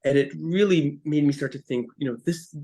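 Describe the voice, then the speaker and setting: A man, a harp teacher and musician, telling stories as a guest in a podcast interview, emotional and halting with frequent restarts. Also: fairly high pitch, warm tone. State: choked up.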